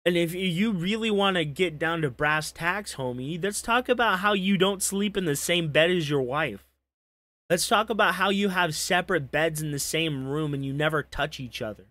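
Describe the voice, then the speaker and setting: A man's voice: a little high, normal speed, bright, forceful tone, no room sound. A man hosting a reaction commentary, ranting in a profane, mocking way. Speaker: commentary host.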